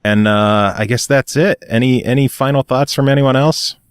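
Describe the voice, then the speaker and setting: A man's voice: medium pitch, fairly even intonation, moderate pace, clear, resonant tone, no echo, clean studio sound. A man hosting a podcast, wrapping up an interview in a teasing, upbeat way. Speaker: podcast host. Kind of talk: casual podcast chat.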